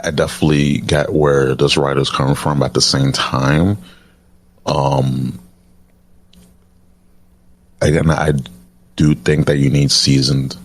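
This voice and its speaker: Very deep-voiced man in casual chat. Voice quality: deep, says he sometimes sounds baritone. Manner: halting, restarts often, says cadence is key. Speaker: podcast host.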